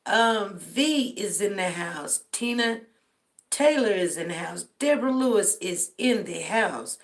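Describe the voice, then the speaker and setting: A woman's voice: mid-range voice, expressive, a little slow. A middle-aged woman from Denver, tired, hosting a casual livestream and greeting viewers by name. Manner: greets viewers by name, drawls friendly shout-outs. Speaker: livestream host. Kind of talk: casual livestream roll call.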